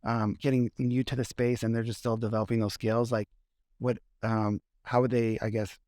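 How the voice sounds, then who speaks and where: A man's voice: medium pitch, little pitch movement, moderate pace, a little mellow, no room sound, clean studio sound. A man co-hosting a casual podcast, searching for words and restarting often as he builds his question. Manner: hesitant, many fillers and restarts while framing questions. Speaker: podcast co-host.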